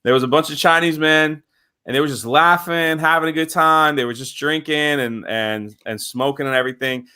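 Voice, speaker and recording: American man, bright, forward tone, rambling anecdotes on a stream. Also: on the high side, normal speed, clean tone. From United States. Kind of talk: casual storytelling.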